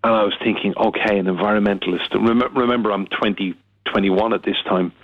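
A middle-aged journalist telling a lively anecdote as a radio guest, acting out the quotes he tells. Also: on the low side, fast, dry recording. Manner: lively storyteller, acts out quotes. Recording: tinny phone line.

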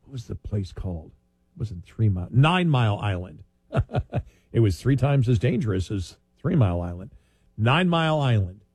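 A man of middle pitch spins loose, wandering anecdotes in casual conversation, often breaking into laughter. His voice sits close and dry, with almost no room sound around it. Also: sing-song, moderate pace, a little mellow, breathy edge, dry recording. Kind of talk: casual chat.

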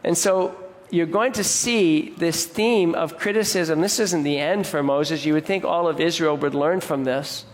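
Man preaching, earnest and direct, repeats stuff for emphasis, voice a bit high, long hall reverb. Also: a little slow. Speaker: pastor. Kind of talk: sermon.

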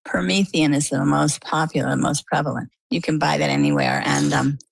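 An older woman with a low voice that has a gravelly edge. She is an interview guest telling her story in a chatty, lively way and acting out what people said to her. The sound is close and dry. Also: moderate pace, dry recording. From coastal Maine. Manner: chatty, vivid retelling with quoted dialogue. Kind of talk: conversational storytelling.

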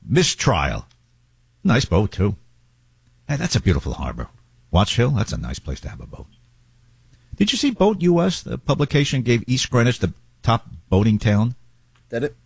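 A man's voice: medium pitch, huge pitch swings, moderate pace, creaky, pauses often, a little mellow, slightly rough, dry recording. A man hosting a talk radio show, chatting casually with wandering asides.

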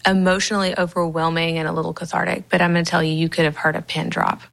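A woman's voice: on the low side, level tone, fast talker, creaky, a bit bright. A woman speaking candidly and reflectively in a recorded interview, with some hesitations.

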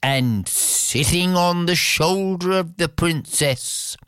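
A woman telling a fairy tale aloud with an expressive, drawn-out delivery. Her voice sits low and moves very slowly. It is smooth and clear, recorded close and dry. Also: dry recording. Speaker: storyteller. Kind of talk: oral fairy-tale storytelling.

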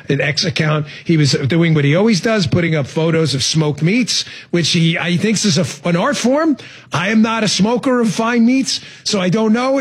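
A man hosting a radio talk show, telling stories in a sarcastic, animated monologue with quick asides. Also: high-pitched, breathy edge.

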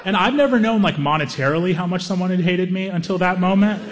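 A man telling a stand-up story, lively, acting out other people's lines. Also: quick pace, some chatter behind, slight background noise. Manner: animated, acts out other people's lines in higher voices. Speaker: stand-up comedian.

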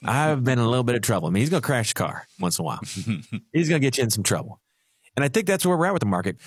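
A man who is a financial advisor on a radio show, telling animated stories and laughing easily. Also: medium pitch, rapid-fire, breathy edge, no echo, clean studio sound. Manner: animated storyteller, acts out little voices, laughs easily.

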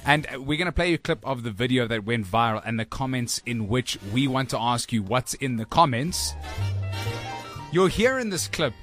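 A man's voice: mid-range voice, expressive, moderate pace, a bit bright, soft background music. A man hosting a radio talk show, upbeat and laughing often. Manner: upbeat, laughing, stammering restarts.

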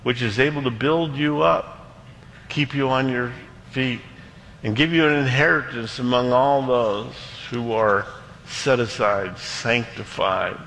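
A man preaching a sermon as pastor, emphatic, slowing down hard on key words and rushing through asides. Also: medium pitch, creaky, a bit bright, slight background noise. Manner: emphatic, dramatic slowdowns, quick asides. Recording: long hall reverb.

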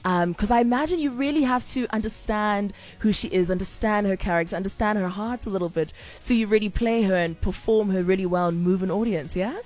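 A woman's voice: medium pitch, fairly quick, hardly any pauses, darkish tone, soft background music. Lady hosting, enthusiastic questions, mid voice. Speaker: talk show host. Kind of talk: live interview.

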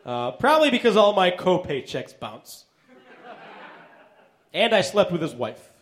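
A man doing a stand-up set on a comedy club stage, delivering deadpan one-liners full of hesitant fillers. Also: sits high, a little slow.

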